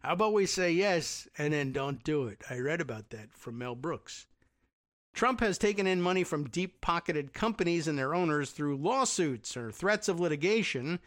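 A man with a slightly higher voice reads a news article aloud in a loose, conversational way. He keeps stopping to add sarcastic, wry asides before picking up the text again. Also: animated, normal speed, fairly bright tone. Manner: sarcastic, wry asides between read passages. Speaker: commentator reading news aloud. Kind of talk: casual political commentary reading an article.

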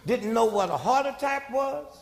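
Gravelly older man speaking in a hall. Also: extremely high pitch, expressive, normal speed. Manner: call-and-response, rhetorical questions. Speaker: speaker at a community talk. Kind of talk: preaching-style public talk. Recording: long hall reverb.

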